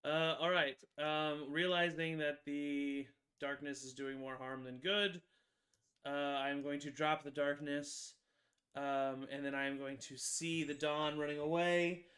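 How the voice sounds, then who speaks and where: A man playing a tabletop game, talking casually in an animated, rambling way full of fillers and laughs. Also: on the high side, measured pace. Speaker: player.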